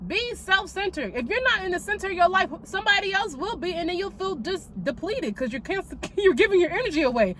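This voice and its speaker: Very high-pitched, animated and fairly bright, a woman in her twenties talks a little fast with hardly any pauses while hosting a casual spiritual podcast. She's sassy and blunt, swears a lot, and leans heavily on "like" fillers.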